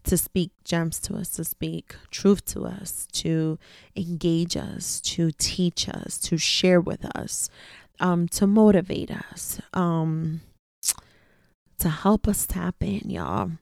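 Gravelly, candid woman podcast host. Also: on the low side, steady tone, slow pace, darkish tone, no echo, studio quality. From daughter of immigrant parents. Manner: candid, chatty, repeats phrases for emphasis. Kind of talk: casual personal monologue.

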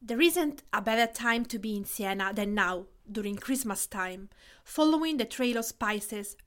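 A woman from Tuscany with an Italian accent, in her thirties, hosting a cooking podcast in a measured, scripted narration that lists things in short phrases. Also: a little high, a bit bright. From Tuscany, Italy. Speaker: podcast host and cook.

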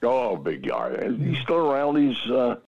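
Gravelly older man telling stories. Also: medium pitch, measured pace. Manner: lively, repeats himself, frequent fillers. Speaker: retired stuntman guest. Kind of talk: anecdotal storytelling. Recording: dull lo-fi recording.

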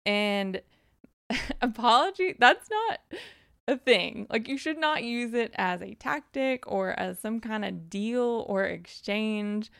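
A woman's voice: fairly high pitch, unhurried, vocal fry, fairly bright tone, clean tone, no echo, clean studio sound. A woman giving casual, direct advice and counting off numbered points in a frank way.

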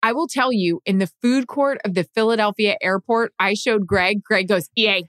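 A podcast co-host with a mid-range voice tells stories in casual chat, animated and swearing freely at a moderate pace. The studio recording is clean with no echo.

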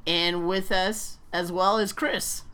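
Male podcast host, bright tone, loose rambling storyteller. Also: sits high, fairly even intonation, slow, clear, resonant tone. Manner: rambling storyteller, many fillers and restarts. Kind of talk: casual podcast chat.

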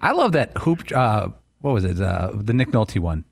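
A man co-hosting a radio show, chatting quickly about movies. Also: on the low side, big pitch swings, creaky, slightly rough, no echo, clean studio sound. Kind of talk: casual radio talk.

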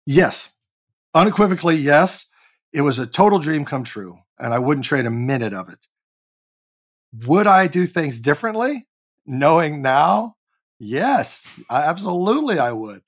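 A man in his fifties, an actor and comedian, telling stories as a guest in a casual interview with lots of swearing and shouted reenactments. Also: fairly high pitch, measured pace. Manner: animated, profane, barks when reenacting.

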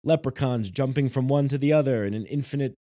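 A man's voice: medium pitch, fast, no room sound, studio quality, close to an everyday voice. A man putting on a giddy trickster spirit. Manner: excited, sing-song, coaxing. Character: gleeful male trickster spirit showing off reality tricks.

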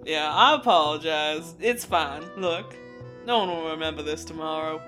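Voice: mid-range voice, normal speed, pushed and bright, soft background music, close to an everyday voice. A player voicing a worldly, easygoing male adventurer, rambling casually and sheepishly in character during a tabletop game. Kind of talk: in-character tabletop role-play.

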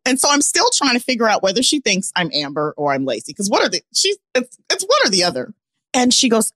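A woman's voice: mid-range voice, normal speed, dry recording. A woman co-hosting a podcast, telling a funny story in a casual chat and acting out the people in it. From Nebraska, United States. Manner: animated, laughing storyteller who acts out quoted lines. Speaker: podcast co-host.

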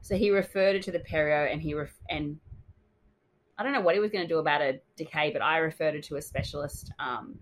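A young adult woman co-hosting a casual podcast, telling a story with lively quoted dialogue. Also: low voice, fairly quick, a little hiss or hum, low-quality recording. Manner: animated storytelling, acts out quotes. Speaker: dental hygienist podcast co-host. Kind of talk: casual chat.

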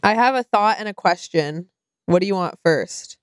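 A woman's voice: medium pitch, expressive, clean tone, no room sound. A young adult woman co-hosting a podcast, wry and self-deprecating in casual chat. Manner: wry and self-deprecating, rushes through read-out quotes. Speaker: podcast co-host.

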